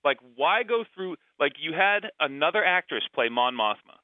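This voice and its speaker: A man's voice: fairly high pitch, sing-song, normal speed, no echo, phone-quality sound. A man co-hosting a casual movie discussion podcast, rambling and opinionated, with lots of fillers. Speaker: podcast co-host.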